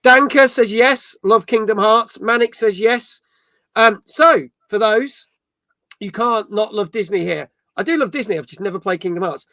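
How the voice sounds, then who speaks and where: A man's voice: high-pitched, normal speed, pushed and bright, dry recording. A middle-aged man from Birmingham with a Birmingham accent, hosting a casual gaming chat show. He chats loosely, swears freely and jokes about himself. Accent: Birmingham English. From England. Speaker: podcast host.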